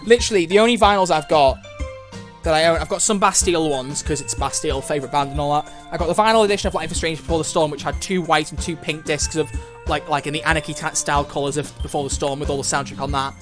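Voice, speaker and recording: A young man with a slightly high voice talks fast while hosting a let's play. He reads a visual novel aloud over soft game music, reacting in a chatty, fretting way.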